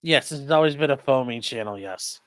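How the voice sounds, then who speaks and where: A man's voice: medium pitch, brisk. A man who is a lawyer chats casually on a livestream, joking and reading viewer comments aloud.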